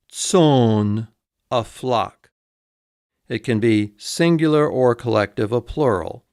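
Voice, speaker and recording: A man gives a recorded vocabulary lesson at an unhurried pace. He says each word twice and takes it apart letter by letter. The sound is dry and close, with no room around it. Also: mid-range voice, gravelly, no echo. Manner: slow, deliberate, repeats each word and spells it out. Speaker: instructor.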